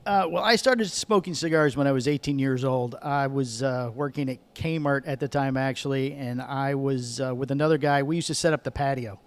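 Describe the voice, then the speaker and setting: A man's voice: medium pitch, normal speed, few pauses. A middle-aged man from Michigan telling a rambling story as a podcast guest, correcting himself as he goes. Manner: rambling, self-correcting, chatty. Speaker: guest, cigar sales manager. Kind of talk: casual storytelling.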